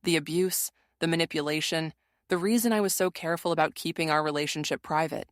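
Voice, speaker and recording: Female narrator with a low voice, measured and steady, reading a dramatic first-person story, dry booth sound. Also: no echo.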